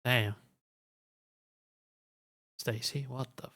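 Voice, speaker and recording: A man's voice: medium pitch, steady tone, takes it slowly, fairly bright tone. A tired man streaming a horror game, reading logs aloud and rambling with yawns.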